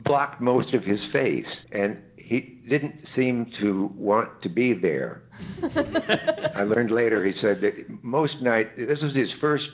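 A man's voice: medium pitch, sing-song, slow pace. An older man telling anecdotes with dry, wry humor, calling in from his home. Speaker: guest expert. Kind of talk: anecdotal storytelling. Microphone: video call. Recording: tinny internet call line.

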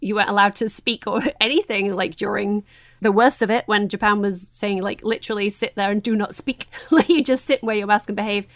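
A woman's voice: mid-range voice, fairly even intonation, a little fast, no echo. A woman co-hosting a podcast, chatting animatedly and laughing easily. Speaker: podcast co-host. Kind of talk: casual wrestling chat.

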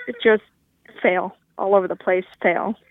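A woman's voice: mid-range voice, fairly even intonation, moderate pace, dry recording. Grossed-out woman caller on a tinny phone line. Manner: grossed-out, wry, laughing at herself. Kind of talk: phoned-in voicemail anecdote.

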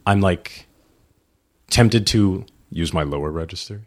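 A man voice actor, a podcast guest, in playful, animated casual chat. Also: low-pitched, unhurried.

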